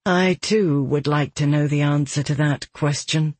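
Formal woman commander, calm and measured, slow, husky, as a narrator puts her on. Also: medium pitch, dry recording, close to an everyday voice.

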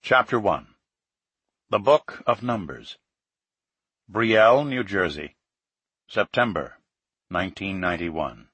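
A man narrating an audiobook chapter in a calm, unhurried reading. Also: low-pitched, breathy edge, no echo.

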